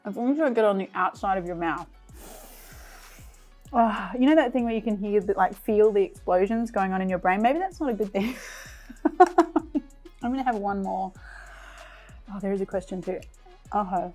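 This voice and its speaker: A woman's voice: medium pitch, normal speed, pauses often, a little mellow, soft background music. A woman hosting a cooking show, mouth burning and eyes teary from chili, exclaiming and laughing between gasps in casual chat. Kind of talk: casual food challenge chat. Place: kitchen studio.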